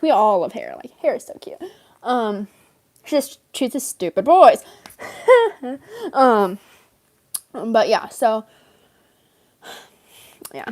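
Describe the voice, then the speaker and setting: A woman tells a long, rambling story while staying in character. Her voice sits a little high, and she leans on "like" constantly. She laughs often as she goes. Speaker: fan role-player in character.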